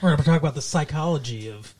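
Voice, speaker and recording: Against a crowd in the background, a man from Minnesota co-hosts a podcast, chatting casually. He talks very fast in a slightly high voice, rambling with lots of restarts and fillers.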